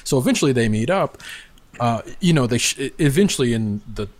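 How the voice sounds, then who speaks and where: A man's voice: medium pitch, animated, fairly quick. A man co-hosting a podcast, chatting and theorizing with lots of fillers. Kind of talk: casual podcast chat.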